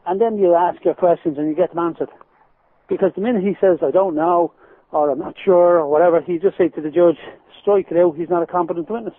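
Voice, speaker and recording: Irish male guest, lively storyteller, talks fast, calling in over a phone line. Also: high-pitched, no echo. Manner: animated storyteller, laughs while telling anecdotes. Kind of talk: phone-in radio interview. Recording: tinny phone line, dry.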